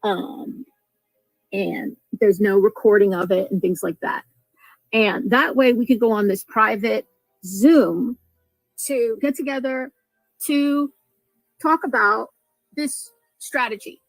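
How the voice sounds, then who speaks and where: A woman talking to her livestream viewers in a rambling, halting way, restarting her sentences. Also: fairly high pitch, no room sound, soft background music, rough recording. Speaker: livestreamer in played clip.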